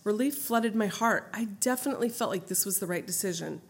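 A middle-aged woman reading her own memoir aloud in an earnest, heartfelt, steady way. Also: mid-range voice, brisk, slightly rough. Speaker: memoir narrator.

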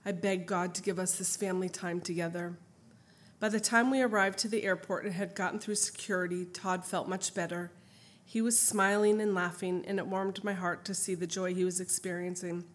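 A woman's voice: lowish voice, steady tone, moderate pace. Woman, middle-aged, mother, testimony, earnest emotional storytelling, part read aloud, part told off the cuff. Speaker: mother sharing her testimony. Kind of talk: reading a memoir aloud, then telling a story off-script.

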